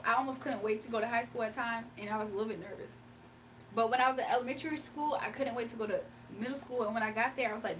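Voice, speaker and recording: Chatting with her stream audience, a young woman speaks in a high, fairly bright voice, laughing a great deal and occasionally singing a snippet. She's a bit back from the microphone, and a faint room noise hums beneath her.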